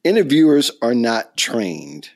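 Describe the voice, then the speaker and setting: Halting man in a casual panel chat. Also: mid-range voice, very animated, vocal fry. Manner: halting, many restarts, laughing easily. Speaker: guest career expert.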